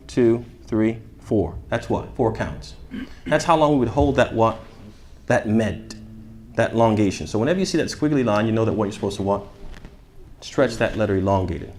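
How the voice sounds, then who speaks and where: A man teaches recitation to a room of students, constantly asking "what?" and then answering himself. He recites short Arabic phrases slowly and loudly so they can echo them back. His voice sits at a middling pitch. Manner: asks the class questions then answers them. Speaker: shaykh teaching tajweed. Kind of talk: interactive classroom lesson.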